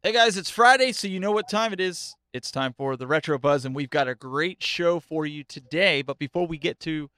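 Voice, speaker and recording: A man opens his podcast with a cheerful, casual welcome and introduces the panel. His voice sits slightly high, recorded dry and close. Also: moderate pace, hardly any pauses, bright, forceful tone, no echo. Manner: upbeat, laughs easily. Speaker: host.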